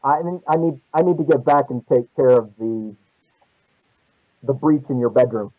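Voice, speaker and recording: A man's voice: mid-range voice, normal speed, no echo, narrow, tinny audio. A man playing a tabletop role-playing game, casually thinking aloud about his group's plans. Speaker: player.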